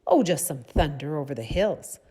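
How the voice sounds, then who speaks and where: A woman voicing a sneaky, hungry male wolf in a storybook reading for children, with a slow, sly, drawn-out delivery. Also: deep voice, expressive, mellow, husky.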